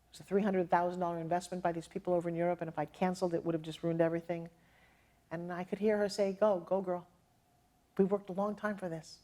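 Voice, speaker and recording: A middle-aged woman telling personal stories as a motivational speaker, lively and acting out quoted dialogue with laughs. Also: lowish voice, fast. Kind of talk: personal storytelling to an audience.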